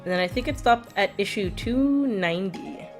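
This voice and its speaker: A woman's voice: mid-range voice, animated, normal speed, soft background music. A woman streamer rambling casually while playing a video game, laughing often as she talks. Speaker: let's play streamer. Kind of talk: casual gameplay commentary.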